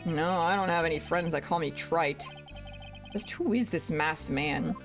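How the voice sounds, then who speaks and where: A woman's voice: low-pitched, measured pace, over music, voice pushed down. A woman voicing an earnest young male defense lawyer in her plain, thoughtful reading voice.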